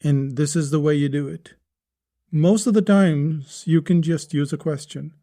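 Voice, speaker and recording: A man's voice: a little high, fairly even intonation, measured pace, dark tone. A man hosting a podcast lesson on writing, explaining step by step and posing rhetorical questions to the listener. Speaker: podcast host teaching writing.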